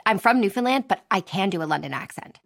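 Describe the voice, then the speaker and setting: A woman's voice: medium pitch, animated, quick pace, music in the background, natural voice. A woman voicing fog as a boastful stage actor auditioning for a part in a comic radio ad. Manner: boastful, theatrical self-promotion.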